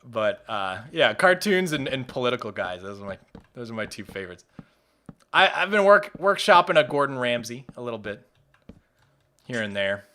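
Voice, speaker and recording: A man's voice: mid-range voice, very animated, moderate pace, pushed and bright. A young man chatting casually with his live-stream audience, rambling and often restarting his sentences. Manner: rambling, with frequent restarts and laughs.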